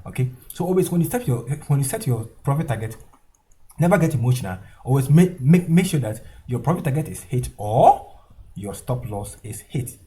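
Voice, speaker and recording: A mellow mid-range voice belongs to a forex instructor teaching from a chart in a screen-share tutorial. His style leans on emphatic repetition, and he often closes a line with "okay?" or "guys."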